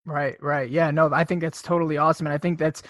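A man hosting a podcast. He asks long questions in a loose, rambling way, stacking up filler words. His voice is slightly higher than most men's, and the recording is dry and close. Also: little pitch movement, quick pace, a bit bright, no echo. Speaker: podcast host. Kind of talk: podcast interview.

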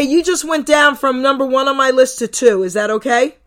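A woman's voice: sits high, moderate pace, a bit bright. A woman from New Jersey hosting a radio show, interviewing a guest casually, enthusiastic and effusive, firing off several questions in a row.

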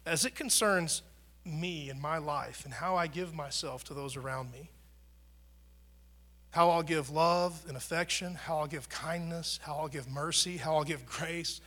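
Man, pastor, sermon; slightly high, bright voice; conversational, dynamic delivery. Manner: conversational preaching, rises and drops in volume for emphasis. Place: church.

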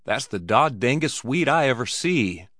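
A man's voice: medium pitch, lively intonation, a little slow, sharp tone, dry recording, clean studio sound. A man voicing a sulky young man who complains in a raised voice.

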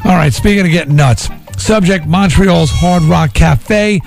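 A man hosting a morning radio show, reading listener emails out loud and riffing on them in an animated, theatrical way. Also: high voice, measured pace, creaky, hardly any pauses. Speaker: radio host. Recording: radio broadcast with music under it.

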